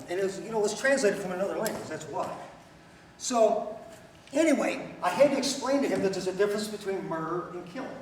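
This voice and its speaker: A man's voice: high voice, a little hiss or hum. A middle-aged man giving a talk to an audience, telling stories bluntly with jokes and questions to the crowd. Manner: storytelling, blunt and joking, asks the audience questions. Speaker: speaker. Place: lecture hall. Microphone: far from the mic. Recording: very echoey hall, speaker far off.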